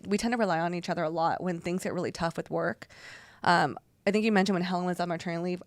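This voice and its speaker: Emotional, halting woman podcaster. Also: on the low side, dry recording. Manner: emotional, halting, with many restarts. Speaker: podcast co-host. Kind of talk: heartfelt casual podcast chat.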